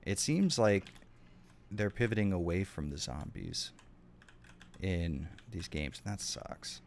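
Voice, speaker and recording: A man's voice: low-pitched, animated, takes it slowly, gravelly, a little hiss or hum. A man streaming a game, chatting casually with his viewers, swearing often and reacting to their messages. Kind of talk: casual gameplay stream chat.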